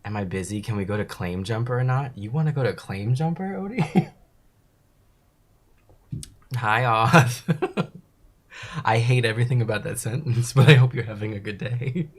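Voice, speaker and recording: A man's voice: lowish voice, a little slow, pauses often, husky. A young man hosting a casual livestream, reading chat messages aloud and answering them in a rambling, laid-back way, laughing often.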